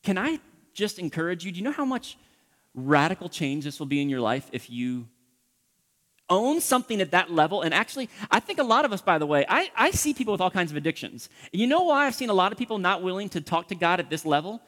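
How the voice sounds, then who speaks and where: A man preaching a sermon as pastor, impassioned, acting out prayers and dropping from loud pleading to hushed whispers. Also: high voice, big pitch swings, fast talker, long reverb tail.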